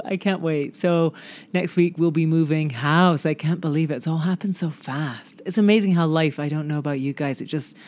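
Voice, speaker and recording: A woman's voice: low voice, darkish tone. Effusive, chatty woman podcast host. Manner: effusive, chatty, laughs often. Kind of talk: solo podcast talk.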